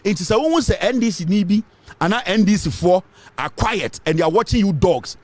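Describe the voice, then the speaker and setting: Ghanaian guy ranting politics, high voice swinging all over, dry close sound. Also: animated, fairly quick, darkish tone, no echo. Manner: fiery, emphatic, repeats points, mixes English with Twi. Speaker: political commentator. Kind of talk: impassioned political commentary.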